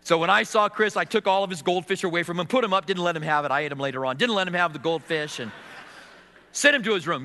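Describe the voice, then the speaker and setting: A middle-aged pastor preaches quickly in a fairly high, bright, ringing voice. He tells stories, acting out quotes with bits of humor, and a long hall reverb trails the sound.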